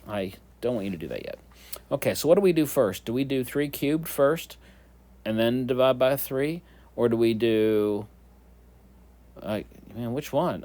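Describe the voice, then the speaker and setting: Man, math teacher, whiteboard lesson, playful, jokey, animated pitch. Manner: playful, jokey, talks to students as kids.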